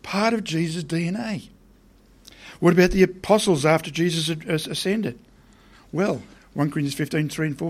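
Guy preaching, chatty, keeps asking the crowd questions, voice on the high side. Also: normal speed. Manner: conversational, asks the listeners questions. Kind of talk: sermon.

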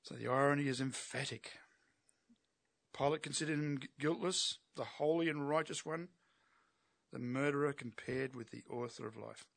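A man's voice: mid-range voice, normal speed, vocal fry, a bit bright, no room sound. A man preaching an expository sermon, emphatic and asking his listeners rhetorical questions.

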